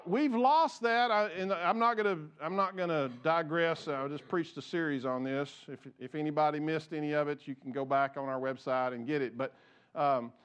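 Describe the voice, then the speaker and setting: A man's voice: high voice, fairly bright tone. A male pastor preaching a conversational, jokey sermon and asking his congregation questions.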